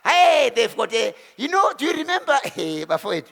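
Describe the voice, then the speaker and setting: A South African man in his forties giving an animated motivational talk to a live audience, telling his story and acting out the voices of the people in it. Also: very high-pitched, moderate pace, vocal fry. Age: 40s. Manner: animated storyteller who acts out quotes and exclamations. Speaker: keynote speaker. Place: event hall. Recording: hall reverb.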